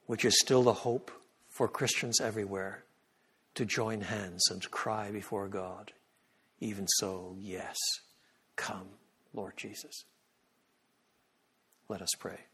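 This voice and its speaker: A man giving an emphatic sermon-style lecture in a church, swinging from loud peaks to a hushed prayer. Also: fairly low pitch, steady tone, slow, long pauses, breathy edge. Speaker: guest lecturer. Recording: long reverb of a church hall.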